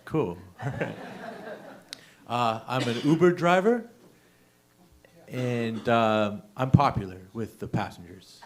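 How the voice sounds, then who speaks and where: Taking it slowly with long pauses, the young comic has a mid-range voice, and a little hiss or hum runs under the recording. He's doing an open mic set in a small venue, chatting with the crowd, poking fun at himself and laughing at his own jokes.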